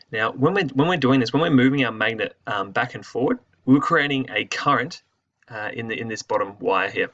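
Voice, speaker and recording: A man's voice: mid-range voice, fairly bright tone. A man teaching a physics lesson over slides in a casual, explanatory way, thinking aloud with fillers and restarts. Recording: muffled lo-fi voice recording.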